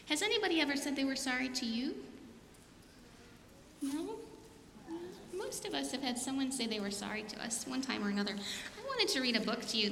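Her voice slightly high and a bit bright, a woman pastor poses questions and guides listeners through a repeat-after-me prayer as part of a sermon and children's message. She is in a church sanctuary, recorded in a hall with long reverb and a little hiss or hum.

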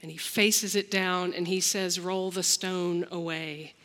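A woman pastor delivering a slow, reflective sermon, acting out the lines she quotes. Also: lowish voice, steady tone, a bit bright, big-room sound.

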